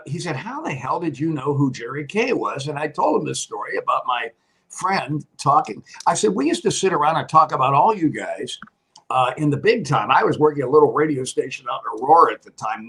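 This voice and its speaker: Older man, husky, lively storyteller. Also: fairly high pitch, a little fast, low-quality recording. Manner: rambling anecdotal storyteller, laughs often. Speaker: guest, retired TV meteorologist. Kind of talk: casual storytelling chat.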